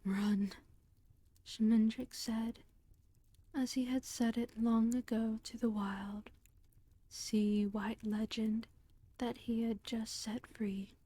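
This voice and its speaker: A woman reads a storybook in a whispered role-play, her whisper very slow and unhurried. Her voice sits slightly high, and the close microphone catches it dry, with no room sound. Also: flat delivery, no room sound. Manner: whispered, slow, gentle reading.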